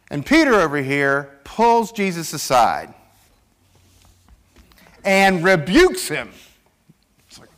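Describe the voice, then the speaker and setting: A man preaching a sermon in a church, acting out scripture quotes as he goes. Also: high-pitched. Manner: animated, acts out scripture quotes. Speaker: pastor.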